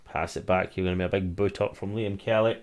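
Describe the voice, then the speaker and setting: A man's voice: low voice, fairly even intonation. Grumbling Scottish man calling a match. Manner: grumbling, mixes complaints with quick play-by-play. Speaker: watch-along streamer. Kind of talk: casual live match commentary.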